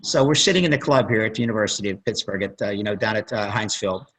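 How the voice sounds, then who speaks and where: A man's voice: lowish voice, quick pace, fairly bright tone, husky, poor audio. A man, a plastic surgeon guest on a conference call, telling rambling stories and acting out what people said. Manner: rambling storyteller, acts out quotes.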